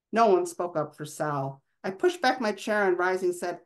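A woman's voice: fairly low pitch, very animated, normal speed, hardly any pauses. Woman reading her novel expressively. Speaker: author.

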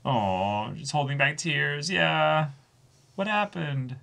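A man's voice: a little high, very animated, slow, vocal fry, pushed and bright. A man co-hosting an anime reaction, giving short, casual remarks on each scene as he watches.

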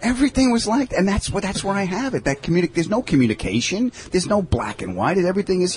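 A man from Long Island, a comedian guest telling profane, jokey stories in casual chat. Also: high voice. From Long Island, New York. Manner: animated, profane, quick jokes. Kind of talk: casual chat, comic storytelling.

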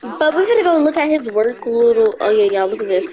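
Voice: medium pitch, expressive, fairly quick, dark tone. A gaming host giving casual let's-play commentary, chatting to the game characters and to viewers. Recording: noisy recording with mouse clicks.

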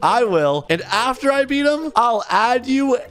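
A young man doing excited gameplay commentary as a gaming YouTuber, reading chat messages aloud and hyping himself up. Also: very high-pitched, a little slow. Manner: animated, reads chat messages aloud, hypes up.

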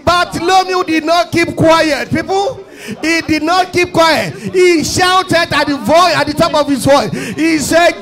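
A man with a Nigerian accent leading a fervent prayer sermon, often shouting and repeating his calls to the congregation. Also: very high-pitched, measured pace. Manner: impassioned, often shouting, repetitive exhortations. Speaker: pastor. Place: church service.

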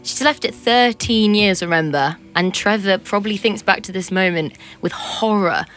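A woman in a radio studio giving her opinion in a lively, animated way during casual chat. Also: medium pitch, normal speed, faint music behind.

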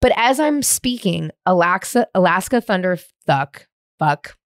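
A middle-aged woman hosting a podcast, telling an animated, profane story and acting out what people said. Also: fairly low pitch, measured pace, no room sound, studio quality. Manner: animated, profane, acts out quoted lines. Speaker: podcast host. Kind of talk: casual storytelling chat.

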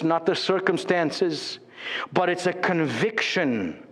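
A man preaching a sermon as pastor, acting out the voices of biblical figures in lively bursts. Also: high-pitched, a little slow. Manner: acts out voices of biblical figures with animated shifts. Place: church sanctuary. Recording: church hall reverb.

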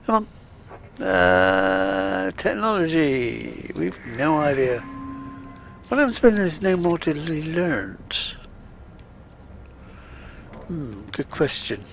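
A man talks slowly through a game, chatting and muttering to himself with a gravelly, creaky voice. A faint hum sits under his home recording. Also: a little high, sing-song. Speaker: gaming channel host. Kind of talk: casual let's-play commentary.

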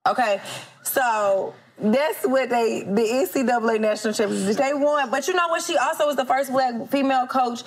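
A woman's voice: high voice, moderate pace, slightly rough. A woman co-hosting a comedy show, talking bluntly and chatting with laughs. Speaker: co-host. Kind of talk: casual comedic studio chat.

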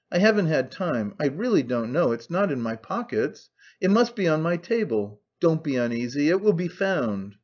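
Man playing a brash, careless young man in an audiobook, cool and offhand, dull lo-fi sound. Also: fairly high pitch. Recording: dull lo-fi recording.

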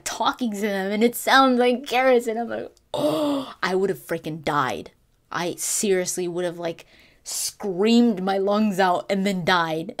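A woman talking casually as a gaming vlogger, gushing and excitable, with frequent restarts and fillers. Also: mid-range voice. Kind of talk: casual fan commentary.

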